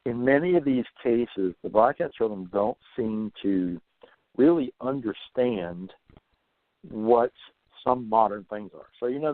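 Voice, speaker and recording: A man's voice: fairly low pitch, dry recording. A man speaking as a guest in a casual podcast interview, thoughtful, often stumbling and repeating words. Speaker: guest author on paranormal folklore. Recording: dry, phone-like line.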